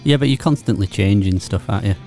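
A man's voice: lowish voice, quick pace, warm tone, soft background music. A man co-hosting a casual podcast, easygoing and chatty. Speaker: podcast co-host. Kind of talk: casual chat.

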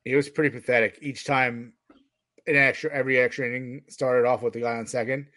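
A man's voice: mid-range voice, fairly even intonation, a little fast, a bit bright, no room sound. A New man co-hosting a podcast in casual sports banter, jokey and laughing often as he steers the talk. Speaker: podcast co-host.

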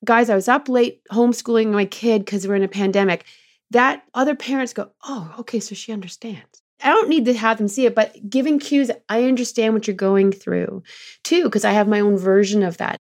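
A middle-aged woman talking as a guest in an interview, telling lively stories about leading her team and quoting people in changing voices. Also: on the high side, brisk. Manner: animated storyteller, quotes others in changing voices. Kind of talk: conversational interview.

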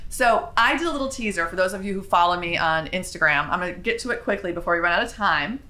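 A woman vlogger telling a spiritual story in a chatty, animated way, with quick asides. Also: lowish voice, faint music behind.

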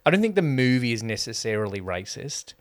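A man co-hosting a casual film review podcast, explaining his views in a measured, thorough way. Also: medium pitch, very animated, no echo, studio quality. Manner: explains points at length, measured. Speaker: podcast co-host.

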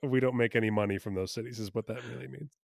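A man's voice: mid-range voice, steady tone, racing, vocal fry, darkish tone, no echo, studio quality. A man from New Jersey in casual podcast chat, talking in an enthusiastic, rambling way and often correcting himself.

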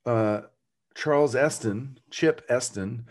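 A man co-hosting a podcast, recapping an episode in a relaxed, rambling way with lots of fillers. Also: mid-range voice, slow pace. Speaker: podcast co-host. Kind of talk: casual recap chat.

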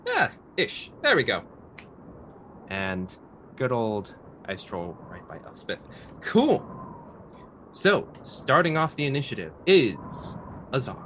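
A man's voice: mid-range voice, slow pace, pauses often, slight background noise. A man running a tabletop game as game master, narrating the action with a laugh in his voice. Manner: lively, laughs while narrating.

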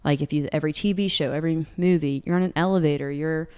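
Young woman in her 20s, songwriter, low smooth voice, talks loose and rambly with lots of likes. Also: steady tone, fast talker, a little mellow. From Atlanta, United States. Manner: chatty, rambling with many fillers and laughs. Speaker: singer-songwriter guest. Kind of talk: casual interview chat.

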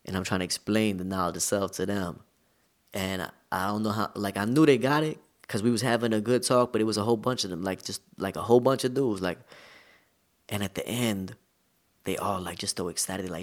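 A man from the United States, a guest in an interview, telling stories in a relaxed, slangy, conversational way. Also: deep voice, brisk. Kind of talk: casual storytelling interview.

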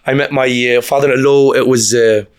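A man with a Lebanese accent tells stories in a casual interview. His voice sits at a middle pitch, and he laughs often and restarts sentences as the stories tumble out. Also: a little fast, clean tone. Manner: animated storyteller, laughs often, lots of restarts. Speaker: guest.

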